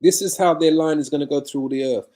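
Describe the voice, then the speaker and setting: A man's voice: a little high, fast, warm tone. A man preaching a sermon-style Bible lesson on a live video from his home. He asks rhetorical questions, answers them himself, and repeats phrases for emphasis.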